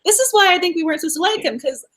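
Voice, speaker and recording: A woman co-hosting a casual book discussion, animated and acting out lines from the story. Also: very high voice. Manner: fast, animated, acts out quotes. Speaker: book review co-host.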